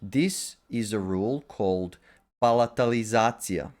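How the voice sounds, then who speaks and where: A man's voice: lowish voice, a little slow, darkish tone. A man teaching a language lesson, methodically going through word pairs with short asides. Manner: methodical, lists words in pairs with brief asides.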